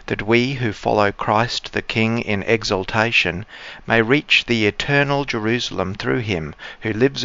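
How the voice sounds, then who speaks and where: Man, priest at a service, slow and solemn, resonant tone, slightly muffled recording. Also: fairly low pitch, creaky, a bit bright. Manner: solemn, measured liturgical delivery. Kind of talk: liturgical prayer and Gospel reading.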